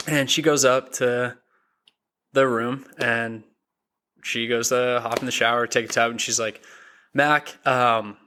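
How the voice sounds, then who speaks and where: A young man, a podcast guest, telling a story in a casual, animated way and acting out the quoted dialogue. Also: mid-range voice, a little slow, long pauses, a little hiss or hum.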